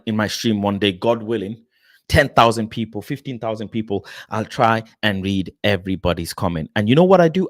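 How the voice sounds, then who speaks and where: Expressive young man chatting on a stream. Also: fairly low pitch, no echo, clean studio sound. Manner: animated, expressive, laughs often, addresses viewers by name. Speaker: livestream host reading chat. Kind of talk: casual livestream chat.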